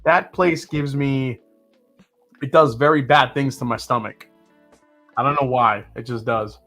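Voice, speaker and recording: A man's voice: mid-range voice, a little slow, faint music behind. Chatty man hosting a whiskey tasting. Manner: relaxed, chatty, with fillers and sips. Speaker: whiskey livestream host. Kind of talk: casual live tasting chat, reading chat comments.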